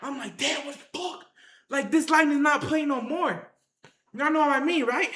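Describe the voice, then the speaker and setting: High-pitched excited storyteller, echoey room. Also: moderate pace, a little hiss or hum. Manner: excited, acts out the action with sound effects and shouts; heavy slang and filler "like", repeats phrases. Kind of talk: animated tall-tale storytelling to viewers.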